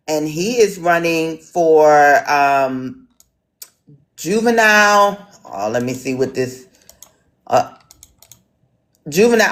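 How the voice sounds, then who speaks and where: A woman from Washington, D.C. moderating an online town hall, talking casually with lots of ums and restarts. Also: fairly low pitch.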